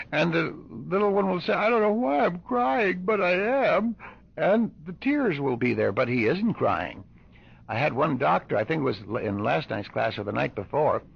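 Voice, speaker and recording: An older man teaches a room of doctors, asking question after question and repeating key points. His voice is gravelly and husky, and it rises and falls with lively pitch. The sound is dull, like an old lo-fi tape. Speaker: hypnosis instructor.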